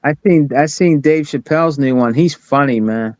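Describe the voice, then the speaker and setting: A man's voice: fairly high pitch, moderate pace, a little mellow, no room sound. A man co-hosting a podcast in casual chat, agreeable and a little hesitant, with fillers as he recalls things. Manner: laid-back listener, agreeable, hesitant with fillers. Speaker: podcast co-host. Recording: dry, dull lo-fi remote audio.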